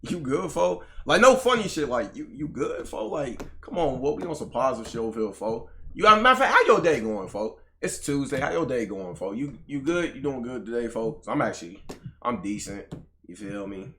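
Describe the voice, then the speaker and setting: A man's voice: medium pitch, very animated, fairly quick, pushed and bright, a little hiss or hum. A young man streaming live, bantering with his chat in a slangy, profane, casual way.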